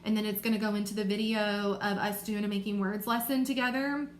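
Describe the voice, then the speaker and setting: A woman teaching a remote reading lesson to young children, sounding out letters and words slowly and clearly. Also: mid-range voice, steady tone. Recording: echoey room with faint noise.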